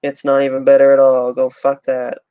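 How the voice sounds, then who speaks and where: A man's voice: mid-range voice, monotone, moderate pace, mellow, smooth, no echo. A young man, talking loosely on a livestream, rambling and swearing often. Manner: rambling, heavy swearing, restarts. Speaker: transit channel streamer. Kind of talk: casual livestream chat.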